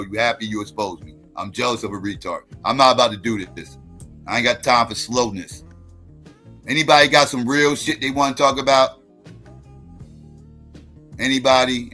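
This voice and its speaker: A man's voice: mid-range voice, steady tone, a little fast, bright, forceful tone, faint music behind. A man hosting a livestream, ranting in a combative, profane, repetitive way. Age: adult. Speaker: livestream host. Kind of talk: heated livestream rant.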